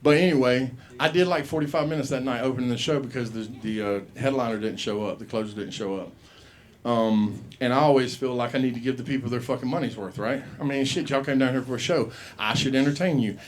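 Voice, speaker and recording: Talking fast at a medium pitch, a male host works a comedy club open mic with a handheld mic, with slight background noise audible. He swears freely, wanders between topics, and acts out characters' voices in his stories.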